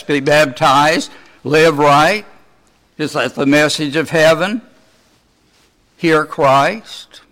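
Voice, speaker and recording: A man preaching a sermon, asking his listeners many rhetorical questions in a slow, deliberate way. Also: fairly high pitch, a bit bright.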